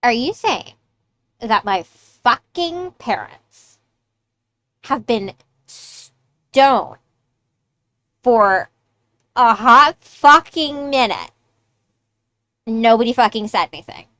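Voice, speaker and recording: A woman's voice: mid-range voice, big pitch swings, moderate pace, a bit bright, no room sound. A woman voicing a brash fairy woman who runs a city and speaks bluntly, swearing often. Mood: indignant.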